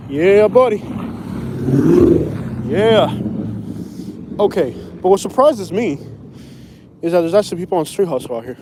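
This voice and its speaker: A man's voice: high voice, expressive, a little slow, long pauses. A man from Florida with a Southern accent, rambling in slangy street talk while walking outside in the snow, recorded on a handheld phone. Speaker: vlogger. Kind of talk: casual walking vlog. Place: outdoors on a snowy windy street. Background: traffic and outdoor ambience.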